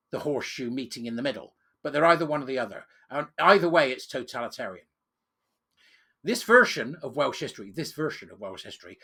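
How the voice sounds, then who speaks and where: A sarcastic man from Britain rants over a report he is reading aloud. His voice is bright and a little husky, and he leans hard on words he wants to mock. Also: mid-range voice. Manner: sarcastic, scornful and emphatic. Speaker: political commentator. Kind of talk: reading news and ranting commentary.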